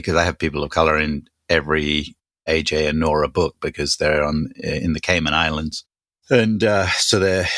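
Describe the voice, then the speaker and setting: A man with a very low voice hosts a podcast and rambles through his points with jokes and restarts. the sound is dry and close, with no room tone behind him. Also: sharp tone, no echo. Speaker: podcast co-host. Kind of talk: casual chat.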